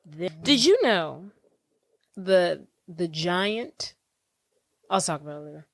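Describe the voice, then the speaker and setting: A woman co-hosting a podcast, recapping a movie in casual, animated chat with quick asides and playful impressions. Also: lowish voice, dry recording. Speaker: podcast co-host.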